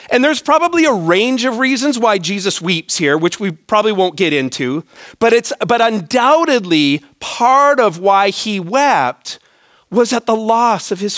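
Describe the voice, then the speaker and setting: A middle-aged male pastor preaching a sermon, animated and conversational, dropping to a soft, low tone when telling personal stories. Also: no room sound, clean studio sound.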